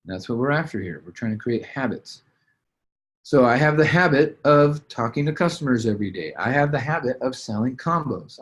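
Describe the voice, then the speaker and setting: A man giving a casual motivational training talk about business habits, with loose fillers and restarts. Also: medium pitch. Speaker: business coach. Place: at a desk, writing as he talks.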